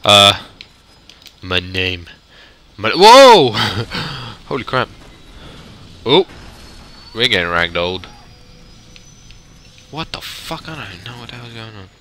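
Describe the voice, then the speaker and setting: Gamer dude yelling and cursing through a let's play, low-ish voice, real tense and sharp. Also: male voice, a little slow, long pauses, a little hiss or hum. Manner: excitable, swearing, yelling reactions. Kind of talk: gaming commentary.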